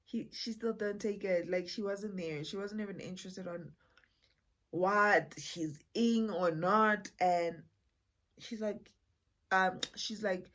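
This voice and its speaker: A woman's voice: mid-range voice, slow pace, a bit bright. A young woman telling a casual storytime, rambling and chatty and mixing in Setswana phrases. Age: young adult. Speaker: vlogger.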